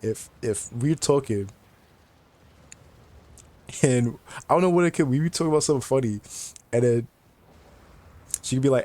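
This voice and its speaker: A man's voice: medium pitch, measured pace, long pauses, a little mellow. A young man telling a casual story to the camera, slangy and joking, laughing often as he talks. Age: young adult. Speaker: vlogger.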